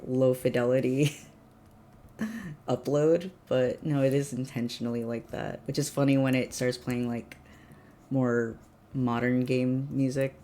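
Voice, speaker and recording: A woman livestreaming, chatting casually with viewers, laughing often and breaking into excited bursts. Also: very deep voice. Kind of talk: casual live-stream chat.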